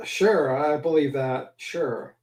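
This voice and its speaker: A man's voice: on the high side, takes it slowly, darkish tone. A man calling into a livestream panel, teasing with dry sarcasm. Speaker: panel caller. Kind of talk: casual livestream chat.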